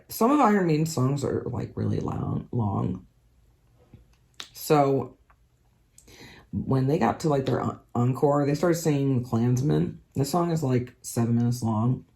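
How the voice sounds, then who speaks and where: A hoarse woman with a scratchy throat, chatting casually to viewers in a rambling way, full of ums and likes. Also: extremely low pitch, warm tone. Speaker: craft vlogger. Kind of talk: casual chat.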